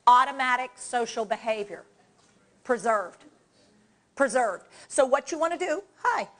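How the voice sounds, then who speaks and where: A woman's voice: a little high, expressive, a little slow. A woman trainer giving a live workshop on dementia care, talking directly and coaching the audience through hands-on exercises. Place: presentation room.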